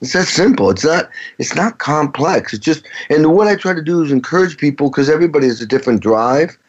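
A middle-aged touring rock drummer rambles through anecdotes in a casual interview, often starting over. His voice is fairly high, animated and brisk, and the recording sounds dull and lo-fi.

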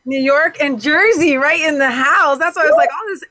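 Bright, high-voiced chatty woman co-host. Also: moderate pace, dry recording, clean studio sound. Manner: chatty, playful. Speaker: talk show co-host. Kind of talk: casual talk-show banter.

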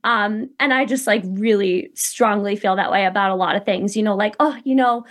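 A woman talking as a guest on a talk show, upbeat and animated, acting out quotes as she speaks. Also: medium pitch, moderate pace. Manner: upbeat, animated, quotes people in bright voices. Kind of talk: casual interview chat.

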